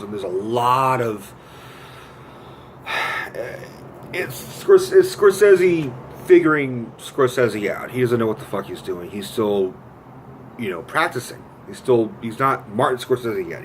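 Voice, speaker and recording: Profane, animated man ranting about films. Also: medium pitch, slight background noise. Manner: profane, animated, retells scenes with quoted voices. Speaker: movie reviewer. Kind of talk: casual film rant.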